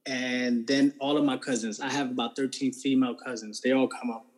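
A man's voice: medium pitch, fairly even intonation, normal speed, few pauses, a little mellow, low-quality recording. A man being interviewed, telling his personal faith testimony in a casual, earnest way and often checking in with "right?". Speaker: interview guest.

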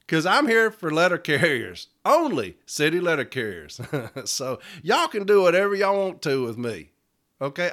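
A man's voice: a little high, fairly bright tone. Laughing, profane man. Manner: laughs often, blunt and profane. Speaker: podcast host and letter carriers' union advocate. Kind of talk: storytelling rant.

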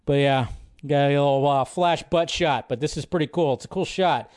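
Excitable, chatty male stream host. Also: on the high side, normal speed, clear, resonant tone. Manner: excitable, swears freely, chatty asides. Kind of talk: casual live-stream commentary.

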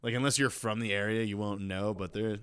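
A man's voice: fairly low pitch, steady tone, a little fast, a bit bright, smooth, no echo. A man co-hosting a podcast in casual chat, wry and sarcastic. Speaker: podcast co-host.

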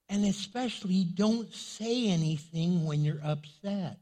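A male pastor preaching a sermon in a church, animated and joking, repeating his points for emphasis. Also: high voice, unhurried.

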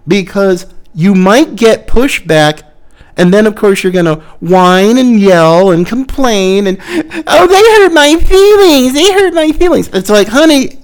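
A man hosting a podcast, delivering an emphatic, sarcastic opinion monologue. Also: sits high. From Florida. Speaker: podcast host.

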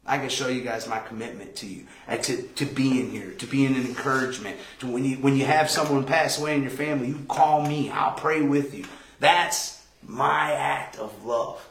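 A man pastor giving a conversational Bible study sermon, telling stories with animated quoted voices. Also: medium pitch, normal speed, a little hiss or hum. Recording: echoey room.

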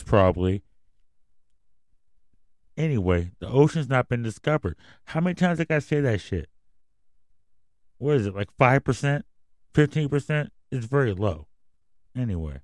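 A man's voice: medium pitch, darkish tone, no echo. A man hosting a casual news commentary podcast, reading headlines and then going off on profane, rambling rants. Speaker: podcast host.

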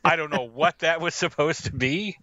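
Man, bright tense voice, joking movie chat, dry dull lo-fi sound. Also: fairly high pitch, normal speed, no echo. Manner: joking, rambling, many fillers. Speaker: podcast co-host. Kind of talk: casual film review chat.

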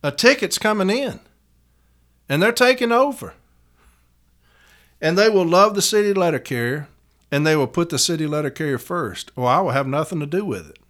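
A man's voice: on the high side, lively intonation, normal speed, pauses often, a bit bright. A man, a union activist giving a blunt, profane rallying rant to fellow members. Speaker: letter carriers' union activist and podcaster.

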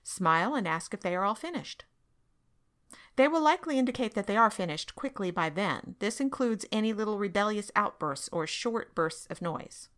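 A woman hosting a parenting podcast, giving calm, firm instructions in a monologue and often checking in with "okay?". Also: medium pitch, moderate pace.

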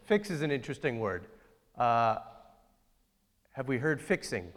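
A man's voice: mid-range voice, sing-song, unhurried, long reverb tail. A pastor giving a conversational, joking sermon and asking his congregation questions. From outside Ohio, United States.

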